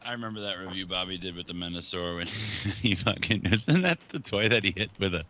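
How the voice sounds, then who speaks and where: A man's voice: low voice, fairly quick, pushed and bright. A man co-hosting a casual podcast chat, blunt and casually swearing. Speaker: podcast co-host.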